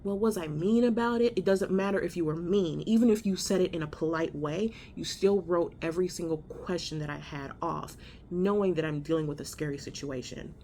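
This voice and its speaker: A woman's voice: deep voice, fairly quick, mellow, slight background noise. A woman telling a story in a casual vlog from a hospital room, blunt and profane, exasperated as she recounts it. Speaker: vlogger.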